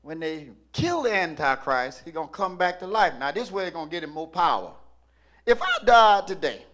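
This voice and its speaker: High, bright-voiced preacher. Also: male voice, big pitch swings, moderate pace. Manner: rhythmic preaching that swings from low murmurs to shouting. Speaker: pastor. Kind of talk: sermon.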